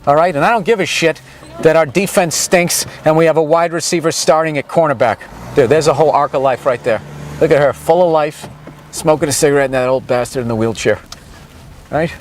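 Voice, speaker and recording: A man's voice: on the high side, a little fast, a little hiss or hum, rough recording. A man vlogging outdoors as he moves down a street, riffing in a crude, sarcastic, comedic way. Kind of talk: profane comedic ramble while riding down a street. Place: outdoors on a city street, moving.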